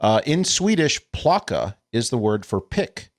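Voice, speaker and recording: A man's voice: medium pitch, sing-song, unhurried. A man co-hosting a podcast, casually chatting and explaining as he reacts to a news clip. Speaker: podcast co-host.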